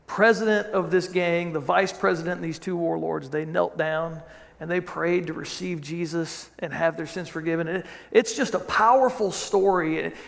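A male pastor with a high, gravelly voice tells a story from the pulpit in a loose, conversational way, often repeating his words as he restarts a sentence. His voice carries the long reverb of a church hall. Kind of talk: sermon.

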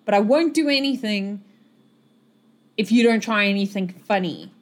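A woman's voice: medium pitch, lively intonation, normal speed, close to an everyday voice. A woman voicing a nervous young male town guard who blusters defensively while clutching a pike he cannot use.

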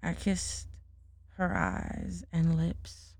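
A mother reading a bedtime story aloud to her child, gently and unhurried, with chatty asides. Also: deep voice, very animated, creaky, slightly rough, dry recording.

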